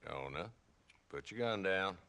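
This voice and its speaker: Weary western lawman: dry drawl, bright and animated. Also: sits low, unhurried, slight background noise, full character voice. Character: weary, dry-humored frontier lawman, middle-aged man. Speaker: town marshal. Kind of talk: video game voice acting.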